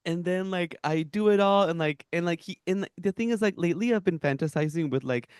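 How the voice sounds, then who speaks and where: A young man from Peru co-hosting a podcast, telling a story in animated casual chat with lots of laughs and fillers. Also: sits high, brisk, clear, resonant tone, no echo, clean studio sound. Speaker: podcast co-host.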